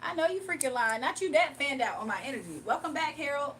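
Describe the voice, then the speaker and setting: A woman, hosting a casual livestream as a tarot reader, animated and laughing often as she talks back to her chat. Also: high-pitched, quick pace, a little hiss or hum.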